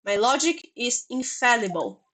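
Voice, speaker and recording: A woman's voice: a little high, animated, moderate pace, a bit bright, a little hiss or hum, pitched below the performer's own voice, low-quality recording. A woman voicing a boastful, grandiose male detective as she reads game dialogue aloud. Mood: declaiming. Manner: grandiose, theatrical.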